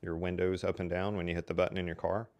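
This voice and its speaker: Folksy low-voiced man telling stories. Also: level tone, quick pace, a little mellow. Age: older. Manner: folksy and chatty, with lots of "so anyway" and "you know". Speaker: storyteller. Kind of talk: casual storytelling.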